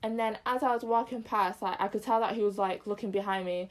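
A woman's voice: mid-range voice, fairly even intonation, fairly quick. Chatty young woman from Zimbabwe. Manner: chatty, many fillers like "like" and "um". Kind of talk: casual chat.

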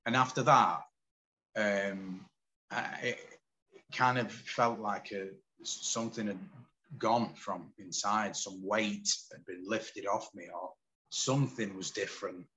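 A man in his forties from the UK, a podcast guest telling his story in candid, animated casual conversation. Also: lowish voice, takes it slowly, a little hiss or hum, poor audio. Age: 40s.

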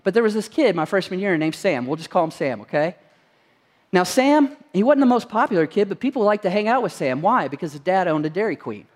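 A male pastor in his thirties preaching a sermon, animated and conversational, acting out quotes. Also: sits high, a little fast.

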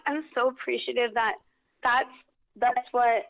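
A woman's voice: on the high side, normal speed, no echo, poor audio. A woman guest on a podcast interview, talking casually in a gushing, emotional way and repeating herself.

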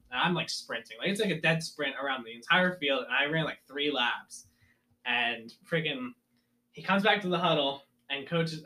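A young man casually telling a story from his school sports days and acting out his coaches' lines. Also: mid-range voice. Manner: animated storyteller, acts out coaches yelling.

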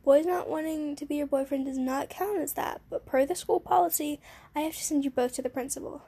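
A stern, scheming kindergarten teacher, read by a woman playing a game scolds in a haughty way. The voice sits high with a gravelly fry. The tone is dark and mellow. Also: a little fast. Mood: scolding. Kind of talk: let's play character reading.

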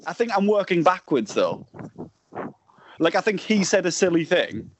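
A man's voice: sits high, sing-song, normal speed. A man, co-hosting a podcast in casual chat, laughing often and mocking himself. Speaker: podcast co-host.

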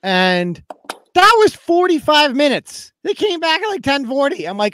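A man's voice: very high-pitched, big pitch swings, measured pace, pushed and bright, a little hiss or hum. A man hosting a podcast, telling a story in a heated, profane rant and acting out other people's lines as he goes. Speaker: podcast host.

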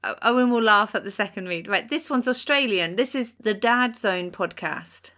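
Brisk woman with a bright voice. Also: medium pitch, expressive. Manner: brisk, runs the segment. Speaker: podcast co-host. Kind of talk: casual chat.

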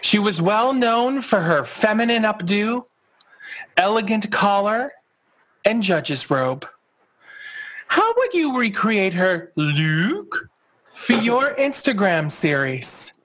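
Slow-talking playful male host. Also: sits high, sing-song, fairly bright tone. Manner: playful, self-deprecating. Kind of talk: casual chat.

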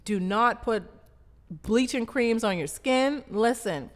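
A woman's voice: fairly high pitch, animated, takes it slowly, long reverb tail. A woman with a Bahamian accent, a brand founder giving a motivational talk in an emphatic, repetitive, preaching cadence.

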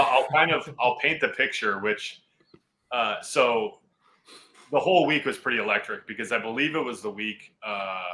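A man in his thirties, a football player, telling an animated story on a podcast and laughing often. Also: medium pitch, poor audio.

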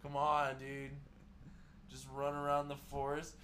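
A man's voice: medium pitch, monotone, a little slow, fairly bright tone, slight background noise. A man co-hosting a podcast in a laid-back casual chat, swearing freely and laughing often. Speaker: podcast co-host.

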